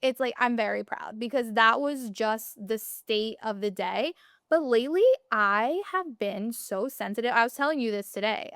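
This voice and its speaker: In a dry, studio-quality recording, a young podcast co-host chats and rambles casually, leaning heavily on fillers. Her voice is a little high and somewhat bright, with a clear, resonant tone.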